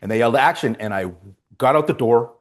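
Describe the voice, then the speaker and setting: A man's voice: medium pitch, fast talker. A man telling a story in a casual interview as the guest, acting out the voices of the people in it. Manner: animated storyteller, acts out voices. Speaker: actor guest.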